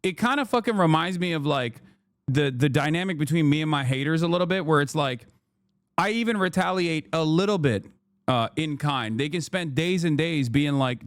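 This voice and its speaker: A man's voice: on the high side, lively intonation, moderate pace, no echo, studio quality. A man giving casual live-stream commentary, ranting sarcastically and swearing as he reacts to the news. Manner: ranting, sarcastic, profane, repeats phrases.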